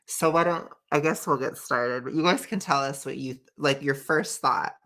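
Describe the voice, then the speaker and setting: A woman with a strikingly deep, gravelly voice co-hosts a casual chat, emphatic and opinionated. Her tone is bright and pressing, and she laughs often between points. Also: moderate pace. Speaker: co-host.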